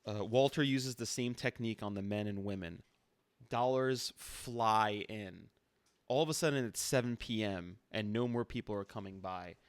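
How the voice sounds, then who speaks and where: A man's voice: fairly low pitch, moderate pace, smooth, no echo. A man running a tabletop role-play as game master, narrating in a laid-back, matter-of-fact way.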